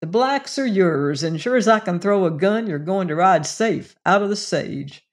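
A woman reading aloud and voicing a gruff older male gunman, blunt and commanding. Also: medium pitch, lively intonation, moderate pace, natural voice. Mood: firm.

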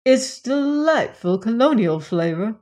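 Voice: mid-range voice, expressive, a little slow, a little mellow, voice pushed up, close to an everyday voice. A narrator voicing a proud, pompous male real estate agent who speaks in grand, flowery phrases, read as a character in an audiobook. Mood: boastful.

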